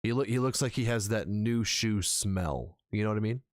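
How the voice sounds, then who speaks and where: A man's voice: fairly low pitch, moderate pace, no room sound, studio quality. A man hosting a live reaction stream and roasting what he watches with sarcastic jokes.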